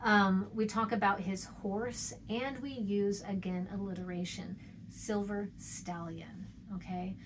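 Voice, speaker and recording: A woman's voice: mid-range voice, steady tone, takes it slowly, noisy background. A woman teaching a poetry lesson, chatty, checking in with "okay?" and "right?", and sounding out rhythms with playful noises.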